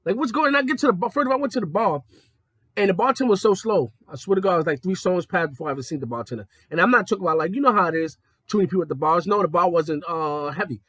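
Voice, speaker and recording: A young man rants through a casual, profane story, his high voice swinging widely between excited peaks and low, mocking asides. The tone is bright with a slight husk, recorded close and dry. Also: very fast, breathy edge, no room sound. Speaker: podcast host.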